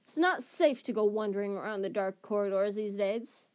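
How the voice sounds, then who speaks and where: A pompous teenage boy prefect, stiff and self-important, lecturing younger students, as a woman reading aloud puts him on. He sounds stern and a little raised in pitch for a storybook. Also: moderate pace, natural voice.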